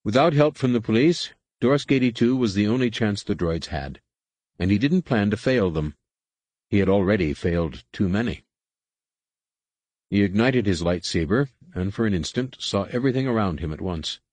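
A man narrating a science-fiction audiobook in a measured, steady reading. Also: lowish voice, no room sound. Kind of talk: scripted narration.

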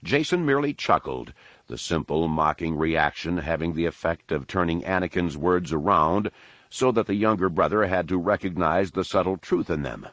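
A man reading a novel as narrator, in steady, even storytelling. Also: sits low, moderate pace, dry recording. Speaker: audiobook narrator. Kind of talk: scripted narration.

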